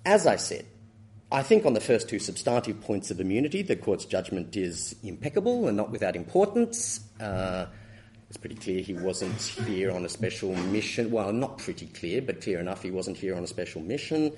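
Lively low-voiced man lecturing. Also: normal speed, slight background noise. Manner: dry wit, self-correcting, chuckles at his own stories. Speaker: law lecturer. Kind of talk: academic lecture with anecdotes.

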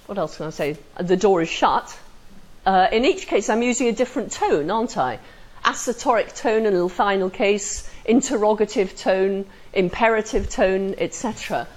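A woman's voice: medium pitch, a little mellow, poor audio. A woman lecturing a class, constantly checking that students follow and acting out example sentences with dry humor. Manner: questioning, asks the class for agreement.

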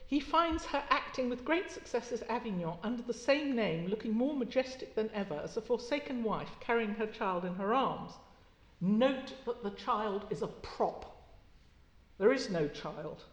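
Wry woman lecturing in an echoey hall. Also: fairly high pitch. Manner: wry, conversational, with fillers. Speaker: keynote speaker. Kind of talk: academic lecture.

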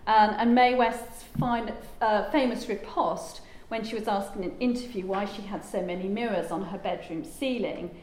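A woman gives a relaxed, rambling lecture full of asides and filler words. Her voice sits in the middle of the range for a woman. The room is echoey, with a faint hum of ambience behind her. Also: mid-range voice, normal speed, few pauses. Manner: chatty, digressive, with frequent ums and asides. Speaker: lecturer and translator. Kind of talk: informal lecture.

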